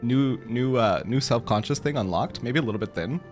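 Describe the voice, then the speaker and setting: A man's voice: mid-range voice, lively intonation, brisk, a little mellow, soft background music. A man streaming a game and chatting casually with his viewers, giggly and self-mocking, laughing often.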